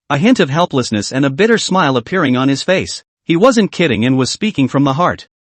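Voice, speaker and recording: A man's voice: a little high, dry recording. A man narrating a manhwa recap in a dramatic storytelling manner.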